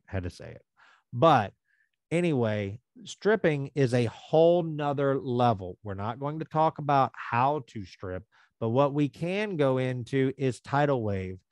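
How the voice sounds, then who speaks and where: A man gives a casual live training to contractors, steady and mid-pitched. He often slips into quick impressions of customers. The sound is dry and close. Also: no room sound. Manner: conversational, acts out customer quotes.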